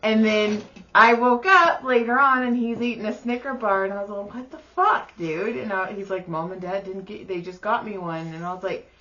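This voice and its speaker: A woman's voice: medium pitch, a little fast, sharp tone, slight background noise. A woman co-hosting a podcast, telling stories in a blunt, profane way. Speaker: podcast co-host. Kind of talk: casual chat. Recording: muffled lo-fi recording.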